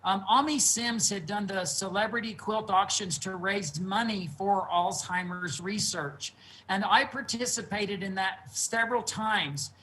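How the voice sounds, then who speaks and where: A man, a guest quilt artist, telling stories in a relaxed interview from his studio over a video call. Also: high voice, slight background noise, rough recording. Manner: earnest, unhurried storyteller. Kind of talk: casual storytelling interview.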